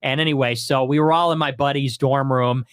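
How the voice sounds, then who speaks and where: A man's voice: medium pitch, steady tone, fairly quick, smooth, dry recording, clean studio sound. A man in his twenties, a podcast guest, telling stories in casual chat with a wry, laughing manner. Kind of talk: casual storytelling in conversation.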